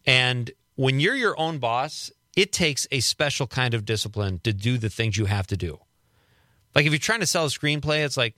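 Lively, bright-voiced chatty radio host. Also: male voice, mid-range voice, moderate pace, no echo, clean studio sound. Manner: chatty and self-deprecating. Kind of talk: casual radio chat. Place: radio studio. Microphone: studio microphone.

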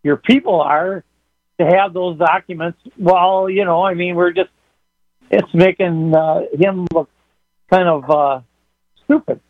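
A man calling in to a radio talk show, rambling and halting as he talks. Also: sits high, no room sound. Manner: rambling, halting, with many restarts. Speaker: caller. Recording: phone line.

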